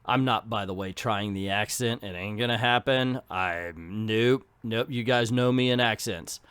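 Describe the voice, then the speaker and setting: A man's voice: lowish voice, measured pace, fairly bright tone, smooth, no echo, studio quality. A man hosting a casual comic book review, talking in a chatty, enthusiastic way with asides.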